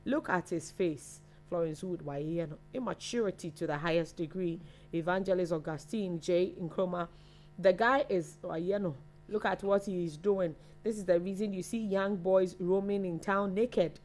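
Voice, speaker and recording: A woman's voice: lowish voice, moderate pace, darkish tone, faint music behind. A Ghanaian woman co-hosting a live online chat show, chatting as she reads out viewer names and messages. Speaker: co-host reading viewer comments.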